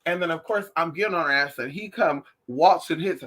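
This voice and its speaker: A woman talking casually to her viewers in a lively, sassy way, often calling them honey and y'all. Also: sits low, fairly quick. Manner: animated, sassy, calls listeners honey and y'all. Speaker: spiritual class teacher, vlogger.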